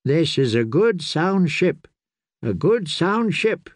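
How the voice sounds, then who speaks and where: Man doing a slow, dry-toned scared young man, nervous and pleading. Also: a little high, very animated, no echo, pitched above the performer's own voice, heavily acted. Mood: fearful.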